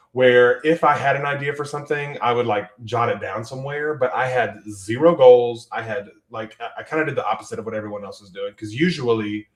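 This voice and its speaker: A man's voice: mid-range voice, roomy sound. A man with a Southern US accent hosting a live writing stream, chatting casually and reading out viewer comments. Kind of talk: casual livestream chat. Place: home room at his desk.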